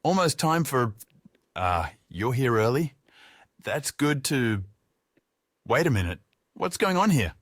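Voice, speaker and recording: A man's voice: medium pitch, big pitch swings, slow, long pauses, no echo, studio quality, pitched above the performer's own voice. A man voicing a confused new bar worker in an audiobook. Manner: confused, hesitant.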